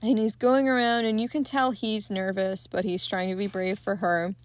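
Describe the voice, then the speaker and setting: A young woman hosts a podcast, retelling a film in a loose, candid, excitable way and swearing freely. Her voice sits at a middling pitch. It is close and dry, with no room sound. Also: moderate pace, no echo. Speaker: podcast host. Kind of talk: casual film recap.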